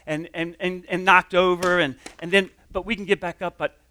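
A man's voice: high voice, fairly even intonation, normal speed, sharp tone. A man giving a conversational sermon as a pastor, telling a personal story with frequent restarts and quoted dialogue.

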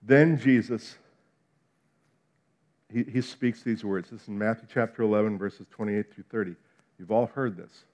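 A fairly low-voiced, middle-aged preacher from New Jersey, with the accent to match, gives an animated sermon at normal speed with long pauses. He acts out quotes and alternates between loud passages and hushed ones.

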